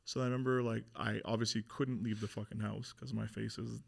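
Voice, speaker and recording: A man's voice: lowish voice, level tone, brisk, gravelly, husky. A young man speaking as a podcast guest, telling a hard personal story in a casual, candid way with lots of fillers and swearing.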